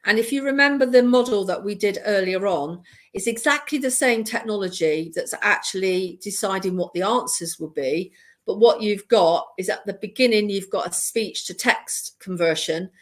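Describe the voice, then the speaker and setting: A woman's voice: mid-range voice, normal speed, fairly bright tone. A British woman presenting a webinar, explaining things in a rambling way full of fillers and restarts. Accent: British English. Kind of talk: live webinar teaching.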